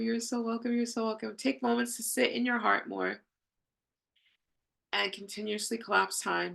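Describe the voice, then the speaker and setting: Gravelly-voiced woman coaching warmly. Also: medium pitch. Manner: effusive, affirming, speaks to viewers in the chat. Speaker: spiritual healing coach. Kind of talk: live-streamed healing session talk.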